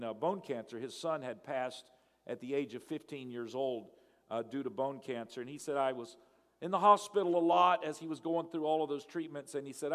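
A male pastor tells a story from the pulpit, acting out both sides of the dialogue with animated flair. His voice sits a little high for a man and rings with the long reverb of a church hall. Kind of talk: sermon storytelling.

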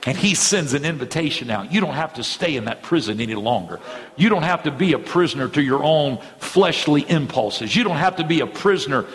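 A middle-aged male pastor preaching a sermon with fervent energy, speeding up and slowing down as he drives points home. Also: a little high, expressive. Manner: fervent preaching with sudden swings in pace. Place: church sanctuary. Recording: church hall reverb.

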